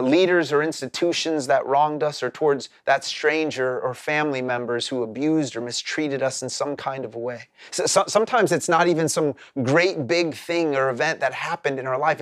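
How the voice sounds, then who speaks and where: A man's voice: medium pitch, moderate pace, hardly any pauses, no echo, studio quality. A man preaching a sermon as a pastor, earnest and explanatory, often repeating words as he starts a phrase.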